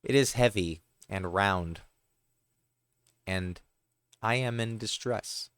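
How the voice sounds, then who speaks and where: Man voicing a pained oyster, low and unhurried, storybook reading. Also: fairly bright tone, clean tone, dry recording. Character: oyster in great pain, distressed.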